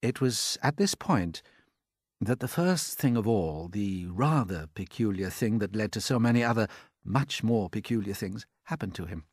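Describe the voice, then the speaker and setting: A man narrating a children's storybook in an expressive, unhurried way. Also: lowish voice, breathy edge, no echo, studio quality. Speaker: audiobook narrator.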